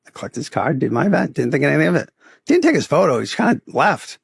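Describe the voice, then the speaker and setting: A middle-aged man from Boston with a Boston accent, a podcast guest telling stories about his photography business in a casual, animated way, often adding "right?". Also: mid-range voice, fast talker, vocal fry, slightly rough, no room sound, studio quality. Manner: animated storyteller, acts out quoted voices, often adds "right?". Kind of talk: casual interview storytelling.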